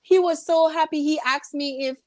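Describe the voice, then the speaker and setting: A Jamaican woman chats as a guest about her life abroad, telling anecdotes with lively quoted voices. Her voice sits fairly high. The sound is dry and close. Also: moderate pace, no room sound. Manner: animated storyteller, acts out voices in quotes. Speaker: guest entrepreneur. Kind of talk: casual storytelling interview.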